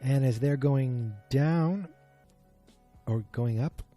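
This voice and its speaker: A man's voice: mid-range voice, takes it slowly, dark tone, soft background music. A man hosting a podcast, recapping a TV episode in a casual, rambling way, full of ums and self-corrections. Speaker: podcast host. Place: at home beside a muted streaming screen.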